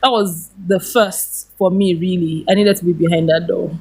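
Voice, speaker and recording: Woman, thirties, interview guest, lively storyteller who laughs easily. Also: lowish voice, moderate pace, slightly rough. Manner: animated, laughs often while telling.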